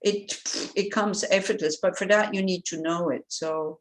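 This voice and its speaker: Woman, lower voice, informal dharma teaching, conversational, digressive. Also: moderate pace. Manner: relaxed, conversational, digressive with anecdotes and fillers. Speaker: Buddhist nun teaching a text.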